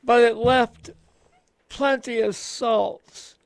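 A man in casual radio chat, explaining in slow, rambling, halting sentences as a gardening expert. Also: very high voice, fairly even intonation, creaky, no room sound.

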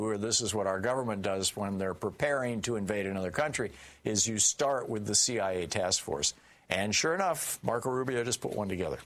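A man doing solo political commentary, reading news quotes aloud with indignant, sarcastic asides and many fillers. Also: fairly low pitch.

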